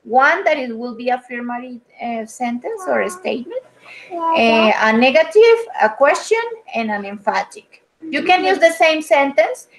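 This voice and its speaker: A woman teaching an online English grammar lesson over a video call. She explains patiently and fills pauses with "uh" and "um". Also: high-pitched, lively intonation, low-quality recording. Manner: patient, explanatory, with frequent fillers.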